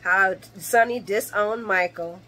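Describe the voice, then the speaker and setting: A woman hosting a casual late-night soap opera recap vlog, animated and laughing often as she acts out characters' lines. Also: medium pitch, takes it slowly, a little hiss or hum.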